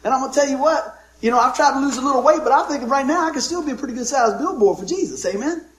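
A middle-aged pastor with an extremely high, fairly bright voice races through a sermon full of folksy jokes and stories, calling out for amens from the congregation in call-and-response fashion. The audio is poor and roomy.

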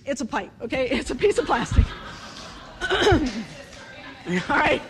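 A woman giving a humorous sermon, animated and storytelling, acting out bits of dialogue and laughing often. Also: high voice, measured pace, some chatter behind, slight background noise. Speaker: speaker at a church service.

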